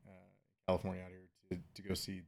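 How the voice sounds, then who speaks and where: A man's voice: low voice, completely flat delivery, fast talker, a little mellow. A man in his thirties hosting a casual podcast chat, rambling through a family story with frequent laughs. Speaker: podcast host, father.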